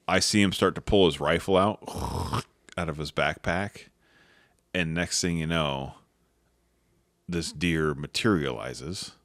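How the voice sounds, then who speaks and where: A man with a very low voice tells a hunting story in casual podcast chat. He swears freely and acts out the other people's lines. The sound is dry and close. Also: a bit bright, no echo. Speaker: podcast co-host.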